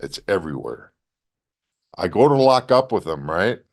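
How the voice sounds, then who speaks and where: A man, a former wrestler as interview guest, telling animated stories with blunt profanity. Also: deep voice, normal speed. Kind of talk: casual storytelling interview.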